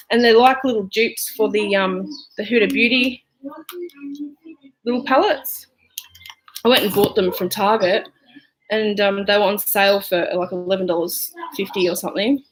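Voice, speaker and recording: A woman's voice: medium pitch, slight background noise, poor audio. A young woman with a broad Australian accent talks her way through her makeup on a casual livestream. She rambles and chats with viewers, with plenty of fillers along the way. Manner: chatty and rambling, with many fillers, answering viewers. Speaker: vlogger and hairdresser. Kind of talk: casual livestream chat while doing makeup. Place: home room.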